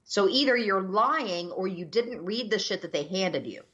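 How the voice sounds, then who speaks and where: A woman's voice: mid-range voice, lively intonation, normal speed, fairly bright tone. A woman co-hosting a podcast, ranting in casual chat and swearing freely. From United States. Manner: profane, ranting. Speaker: podcast co-host.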